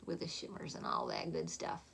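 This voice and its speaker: A woman talking through a makeup tutorial in a soft, chatty voice, often dropping to a half-whisper. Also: fairly quick, slight background noise. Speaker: makeup vlogger.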